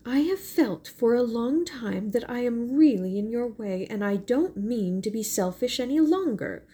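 Woman reader as a cool, crisp, calculating lady in a storybook, warm breathy tone. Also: fairly high pitch, lively intonation, unhurried. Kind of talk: audiobook reading.

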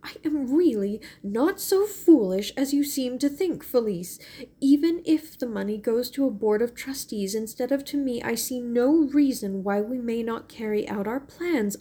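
Woman reader doing a pleading young lady in a storybook, higher, breathy, tearful. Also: dark tone. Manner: imploring, tearful. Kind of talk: audiobook reading.

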